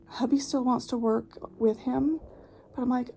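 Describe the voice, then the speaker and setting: Passionate, blunt woman with a gravelly voice. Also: a little high, steady tone, moderate pace, warm tone, slight background noise, poor audio. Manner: passionate and blunt, swears freely; candid, recounting events with strong feeling. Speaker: vlogger. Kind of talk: casual vlog storytime.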